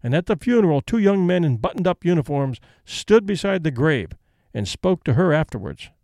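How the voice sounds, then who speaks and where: A man's voice: a little high, big pitch swings, brisk, darkish tone, no echo. Man narrating a storybook, dry close sound. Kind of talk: audiobook narration.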